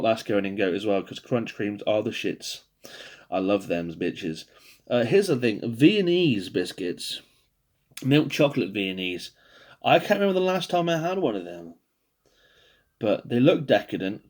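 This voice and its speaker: A tired man chats alone to his camera in a loose, rambling way, swearing freely and poking fun at himself. His voice sits at an ordinary middle pitch. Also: a little mellow. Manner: rambling, swearing, self-deprecating. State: yawning, tired. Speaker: podcast host ranking biscuits. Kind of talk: casual solo video monologue.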